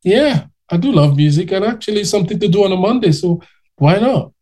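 A man telling anecdotes in a casual interview, animated and acting out the people he quotes. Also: sits high, brisk. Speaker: interview guest.

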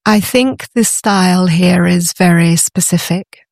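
Woman, gravelly, dry close sound, enthusiastic interview guest. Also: on the low side, measured pace, a little mellow, no room sound. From Britain. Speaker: podcast guest, antiques business owner. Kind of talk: conversational interview.

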